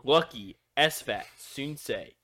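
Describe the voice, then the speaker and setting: A man's voice: mid-range voice, animated, slow, pushed and bright. A man co-hosting a loose group podcast, chatting casually with lots of fillers and restarts. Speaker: podcast co-host.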